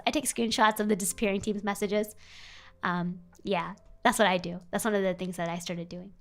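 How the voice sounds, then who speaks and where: A young adult woman streaming casual advice chat, animated and playful, jumping up in pitch for emphasis. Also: a little fast. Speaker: vtuber streamer giving advice.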